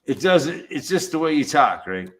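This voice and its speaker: A man's voice: fairly high pitch, sing-song, normal speed. A man from Southern California hosting his own YouTube channel, chatting casually in a blunt way, swearing freely and laughing often. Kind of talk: casual chat.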